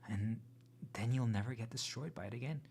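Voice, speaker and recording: A man hosting his own channel, talking to viewers in an earnest, rambling, unscripted monologue full of restarts, sometimes dropping to a hushed whisper. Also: medium pitch, fairly quick, gravelly, a little hiss or hum. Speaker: channel host.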